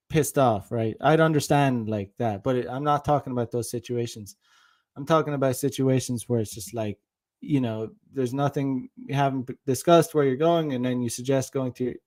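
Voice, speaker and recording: A man's voice: medium pitch, darkish tone. Rambling young man giving dating advice. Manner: rambling, many restarts, acts out dialogue. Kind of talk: casual monologue.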